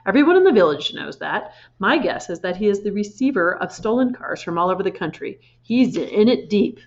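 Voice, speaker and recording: Woman voicing a gentle, soft-spoken teacher. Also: mid-range voice, fairly quick, highs cut off. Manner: quiet, soft and calm. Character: kind gentle young schoolteacher woman. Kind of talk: storybook read-aloud.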